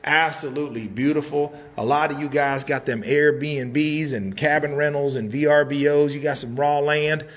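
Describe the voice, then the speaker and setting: A man's voice: fairly high pitch, steady tone, moderate pace, few pauses. A man, hosting a hyped live tour of a wooden cabin, full of hype-man catchphrases and sudden whoops. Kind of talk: hyped live sales stream. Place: indoors in a wooden cabin, moving around.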